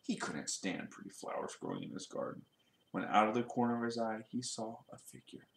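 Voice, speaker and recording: A man reading a children's storybook aloud in a lively way, putting questions to his young listeners. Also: fairly low pitch, fairly quick, creaky, reverberant.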